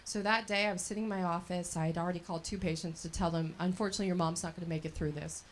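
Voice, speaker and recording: A woman's voice: fairly low pitch, steady tone, very fast, slight background noise. Chatty woman giving a laughing speech. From El Dorado County, California. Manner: chatty, laughing, storytelling with quoted voices. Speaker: scholarship recipient. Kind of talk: speech at a fundraiser event. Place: event at a brewery.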